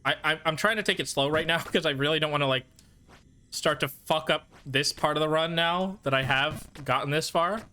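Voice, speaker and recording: A man's voice: on the high side, brisk, pushed and bright, a little hiss or hum. A man streaming a game, chatting casually and muttering to himself through his frustration. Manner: frustrated, self-soothing muttering between bursts. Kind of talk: casual gaming stream commentary.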